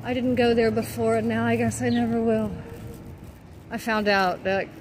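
A woman's voice: on the high side, steady tone, moderate pace. A woman from the American South with a light Southern accent, talking candidly and casually as she walks around town, swearing now and then and saying "like" a lot. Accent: Southern US, mostly toned down. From Southern United States. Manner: chatty, candid, swears, heavy use of "like". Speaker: vlogger. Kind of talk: casual walking vlog. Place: outdoors on a town walk, into shops. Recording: noisy outdoor street ambience.

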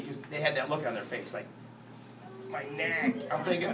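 A man speaking at a church, a lively, joking storyteller who acts out the dialogue in his testimony. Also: a little high, moderate pace, noisy background. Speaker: guest speaker and singer at a church. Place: church sanctuary. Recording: echoey church hall, distant mic, guitar.

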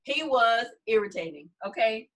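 A woman co-hosting a casual Bible study chat, commenting with animated, laughing energy and quick restarts. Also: a little high. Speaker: podcast co-host.

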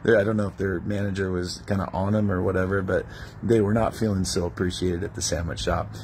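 Low-voiced man preaching a testimony. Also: fast, a little hiss or hum. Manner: animated storyteller, acting out prayers and dialogue. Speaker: evangelist preacher. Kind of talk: testimony-style sermon.

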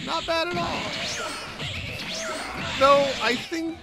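A man's voice: very high-pitched, fairly even intonation, takes it slowly, gravelly. A man giving casual, joking live commentary on a computer fight, easily distracted and laughing often. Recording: loud game music under the voice.

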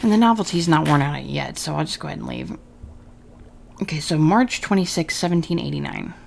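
A woman hosting a let's-play, musing aloud to herself as she weighs choices. Her voice is gravelly, with faint noise in the recording. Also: low voice, fairly quick, a little mellow. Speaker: gaming host.

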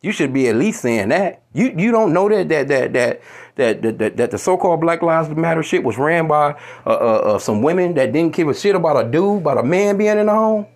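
A man rants straight to his audience in a commentary video, swearing freely and tripping over his own restarts. His voice sits a little higher than most men's. Now and then he pauses to look up and quote scripture. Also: animated. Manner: profane, heated, repetitive restarts, quotes scripture. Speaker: commentary vlogger.

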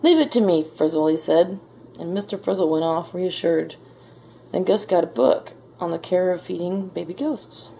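Gravelly low woman reading a storybook. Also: steady tone, a little hiss or hum. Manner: gentle, measured storytelling. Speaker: storybook reader. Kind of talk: children's read-aloud narration.

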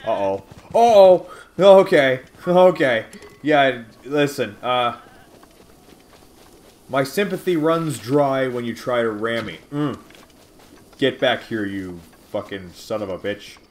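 A man hosting a let's-play, giving excitable, casual commentary, swearing at and taunting enemies. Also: medium pitch, slow pace, pauses often, slight background noise. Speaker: gaming channel host.

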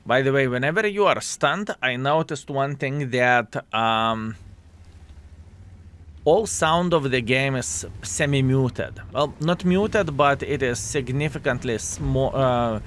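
A young adult man talks through a match as he plays, his pitch sitting in the middle range for a man. He jokes with his viewers and calls them "fellas" in a relaxed, chatty way. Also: takes it slowly. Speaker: gaming commentator. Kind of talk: casual gameplay commentary.

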